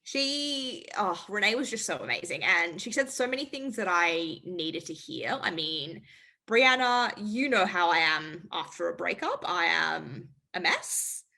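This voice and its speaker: A woman's voice: fairly low pitch, big pitch swings, measured pace, vocal fry, pushed and bright, a little hiss or hum. A woman co-hosting a podcast, chatting in a gushing, self-deprecating and emphatic way. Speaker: podcast co-host. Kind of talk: casual podcast chat.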